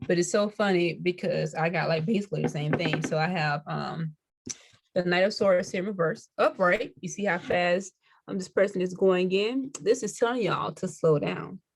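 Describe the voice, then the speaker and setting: A woman's voice: lowish voice, vocal fry. A woman casually reading tarot cards and explaining them to viewers in a chatty way. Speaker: tarot reader.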